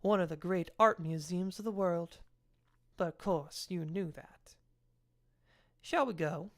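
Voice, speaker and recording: Woman reading a refined Southern FBI agent; quiet, unhurried, formal. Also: on the low side, natural voice. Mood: courtly. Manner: soft, measured, courtly.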